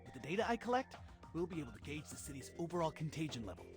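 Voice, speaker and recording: A man's voice: a little high, sing-song, racing, over music. A man voicing a brainy teenage turtle scientist who speaks in precise, technical terms. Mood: explaining.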